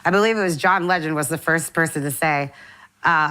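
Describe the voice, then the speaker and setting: Low-voiced singer, animated and candid. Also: female voice, fairly quick, clean tone. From St. Louis, USA. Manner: enthusiastic, animated storytelling with laughs. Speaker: singer, guest. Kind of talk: casual interview chat.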